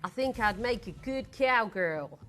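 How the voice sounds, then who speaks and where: A woman's voice: on the high side, animated, unhurried, fairly bright tone. A young adult woman presenting on live shopping TV in a studio, gushing and theatrical.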